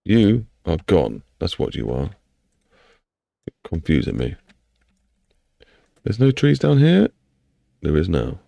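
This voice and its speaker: A deep-voiced English man rambles his way through a casual live stream, chatting to viewers and to himself as he works. His voice has a gravelly, rough edge. The sound is close and dry, with no room around it. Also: wildly swooping pitch, slow pace, pauses often, warm tone, dry recording. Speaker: livestreamer building a game map.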